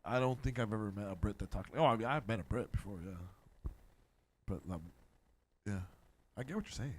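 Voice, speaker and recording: A man co-hosting a casual reaction chat, blunt and profane, agreeing in quick interjections. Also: on the low side, slight background noise. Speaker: podcast co-host.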